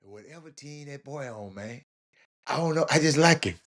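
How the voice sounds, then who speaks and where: A man's voice: a little high, moderate pace. A man with a Houston accent hosting a casual sports talk stream, laughing often and talking straight to his chat. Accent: Houston, Texas. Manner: animated, laughing, talks to chat. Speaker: livestream host.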